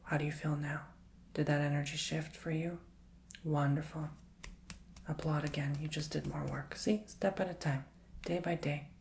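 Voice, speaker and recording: A man giving a soft-spoken ASMR tarot reading, gently encouraging the listener and slipping often into a whisper. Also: fairly high pitch, steady tone, moderate pace, vocal fry, a little hiss or hum. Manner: affectionate, emotional cheering on the listener. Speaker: tarot reader and ASMR host.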